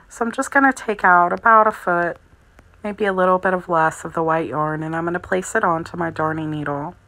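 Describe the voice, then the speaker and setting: A woman giving a calm, methodical crochet tutorial, narrating each step as she works. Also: lowish voice, vocal fry, poor audio. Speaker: crochet instructor.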